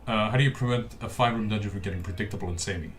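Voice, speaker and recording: A man's voice: lowish voice, rapid-fire, slight background noise. A man hosting a casual live stream, rambling with many fillers and restarts, picked up by a webcam microphone. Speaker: streamer host.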